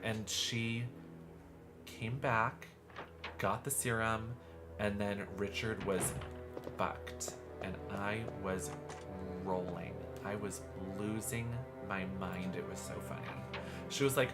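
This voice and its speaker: A man's voice: fairly low pitch, fairly even intonation, slow pace. A man streaming a horror game live, chatting in a gushing, campy way as he plays. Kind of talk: live gameplay commentary. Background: game music.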